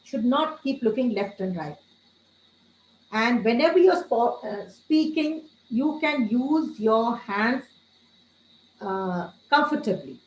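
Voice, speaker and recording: Woman trainer, slightly high voice, lecture delivery with stressed words, echoey room. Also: lively intonation, slow pace, dull audio. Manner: addresses listeners as friends, gives tips.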